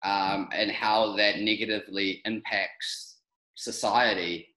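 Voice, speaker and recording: A man's voice: on the low side, steady tone, slow, bright, forceful tone, roomy sound, low-quality recording. A man hosting a podcast interview, asking questions in a thoughtful, hesitant way. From New Zealand. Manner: thoughtful, hesitant, many ums. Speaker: podcast host.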